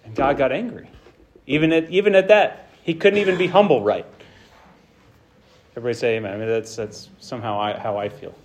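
A man preaching a sermon with passion, swinging between loud bursts and hushed lines and acting out the quotes he tells. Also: medium pitch, fairly quick, pauses often.

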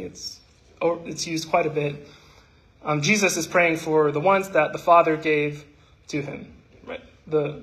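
Man, church speaker, slightly high voice; halting talk, fervent recitation. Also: a bit bright, low-quality recording. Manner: halting, with fillers and restarts, rising when reciting. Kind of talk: devotional talk reciting scripture.

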